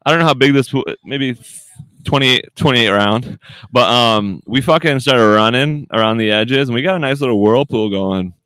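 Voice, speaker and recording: A man's voice: mid-range voice, normal speed, a bit bright, smooth, no echo. A man co-hosting a podcast, telling rambling stories in crude, swear-filled banter. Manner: swears a lot, rambling storytelling. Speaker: podcast co-host.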